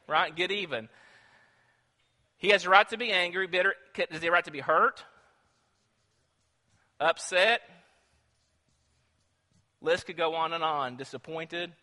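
A man preaching a sermon in a church, telling a story in an animated way, acting out voices and putting questions to the congregation. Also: high-pitched. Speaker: pastor. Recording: long reverb in a church hall.

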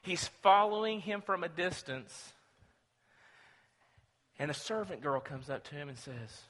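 A man preaching a sermon, telling the story dramatically and swinging between loud and hushed. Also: on the high side, lively intonation, unhurried, long pauses. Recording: long reverb of a large hall.

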